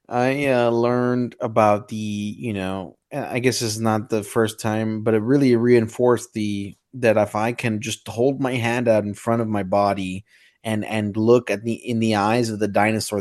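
Man, podcast guest, low voice, dry sound, rambling, swears a lot. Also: steady tone, a little slow, darkish tone, no room sound. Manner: rambling, swears freely, lots of fillers and laughs. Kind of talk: casual chat.

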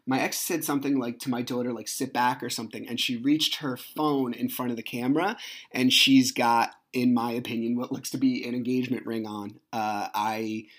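A man, hosting a podcast and telling a personal story in a casual way, acting out quoted dialogue with sudden loud outbursts. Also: medium pitch, steady tone, normal speed. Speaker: podcast host.

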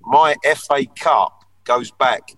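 A man's voice: medium pitch, slow, fairly bright tone, dry recording, recorded from a distance, poor audio. A man in his sixties, a former footballer, reminiscing earnestly in a casual podcast chat. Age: 60s.

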